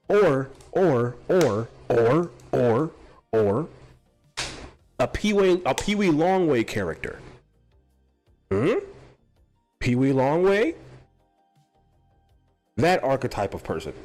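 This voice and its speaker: A man hosting his own show, rambling while high, repeating and tripping over his words and swearing often. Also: a little mellow. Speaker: podcast host. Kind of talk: rambling stoned brainstorm.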